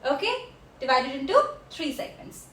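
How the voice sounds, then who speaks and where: A woman teaching a French class, slowly repeating each word for her learners. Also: high-pitched, very animated, a bit bright. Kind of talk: classroom language lesson. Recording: echoey room.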